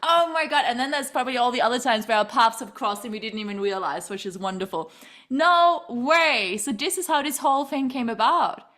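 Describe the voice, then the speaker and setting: A woman hosting a relaxed interview chat, animated and laughing easily as she acts out what people said. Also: a little high, a little fast. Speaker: podcast host and yoga teacher.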